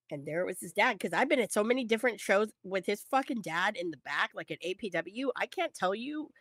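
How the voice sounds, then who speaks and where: A woman's voice: fairly low pitch, no room sound. A woman on a podcast telling a story in a loose, profane way, acting out the voices of the people in it. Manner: animated, swears freely, acts out quotes. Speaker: podcast co-host.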